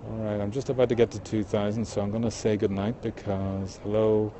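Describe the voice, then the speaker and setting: A middle-aged man chats easily through a phone live stream, warmly greeting viewers one after another. His voice sits fairly low. Wind and the noise of boats on the river carry over the open phone mic. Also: little pitch movement, brisk. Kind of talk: casual live-stream chat. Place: outdoors on a riverbank at sunset. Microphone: phone held by the streamer.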